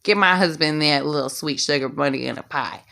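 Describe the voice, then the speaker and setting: A woman's voice: low-pitched, fairly quick, creaky, a bit bright, pitched below the performer's own voice. A woman voicing a jealous, vengeful queen who gives orders in a sassy, commanding way. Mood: bossy.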